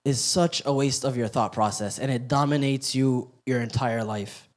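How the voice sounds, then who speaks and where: A man giving a youth sermon, joking and animated while telling the story, then quiet and earnest as he drives the lesson home. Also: medium pitch, normal speed. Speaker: youth halaqa speaker. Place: youth center hall.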